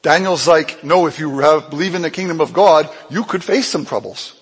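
A man preaching in a fairly high, husky voice, telling a Bible story and acting out its voices with big swings in pitch and loudness. His words ring out with a long reverb, as if he speaks in a church hall. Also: moderate pace, soft background music. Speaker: pastor. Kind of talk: sermon.

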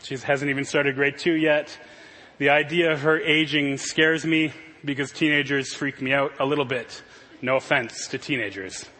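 Husky male pastor in a reverberant hall. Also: a little high, sharp tone. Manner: conversational storytelling, earnest. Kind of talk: sermon.

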